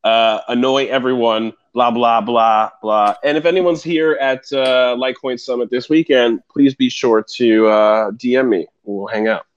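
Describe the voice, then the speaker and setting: A man's voice: mid-range voice, moderate pace, hardly any pauses. A man in a casual group chat, joking and plugging a sponsor. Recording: dull line with faint noise.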